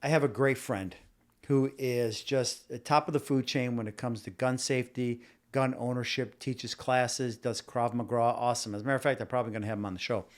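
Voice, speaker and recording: A man's voice: mid-range voice, fairly even intonation, a little fast. A man in a mid-range voice hosts a casual opinion podcast. He rambles and circles back on himself, stumbling over repeated words. He argues his point and speaks straight to the people watching live. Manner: talks directly to live viewers. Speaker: podcast host.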